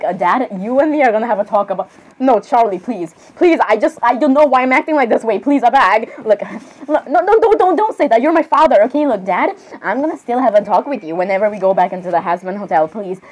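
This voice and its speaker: A woman's voice: on the high side, lively intonation, brisk, darkish tone. A young woman chatting in character as a cosplayer, rambling and apologizing often between giggles. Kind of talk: in-character cosplay role-play chat.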